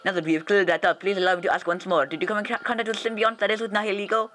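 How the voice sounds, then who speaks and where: A man voicing the composed female chief of a secret police unit, speaking softly in a measured, formal way. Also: high voice, level tone, faint music behind, pitched above the performer's own voice.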